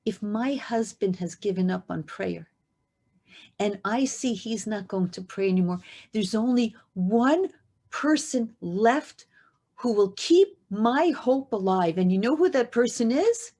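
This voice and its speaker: A woman's voice: mid-range voice, lively intonation, a little slow, warm tone. A woman voicing an anguished, childless woman who speaks earnestly and insistently about her resolve to pray. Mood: anguished, resolute.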